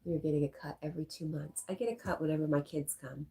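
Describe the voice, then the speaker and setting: Low-voiced woman chatting on a stream. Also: fairly even intonation, fast. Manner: reads viewer comments aloud and chats back softly. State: stuffy nose. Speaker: live stream host reading chat. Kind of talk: casual live stream chat.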